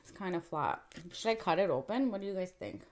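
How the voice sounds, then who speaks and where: A woman's voice: mid-range voice, animated, brisk. A young woman telling a story in casual vlog chat, full of fillers and acted-out quotes. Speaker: mukbang vlogger.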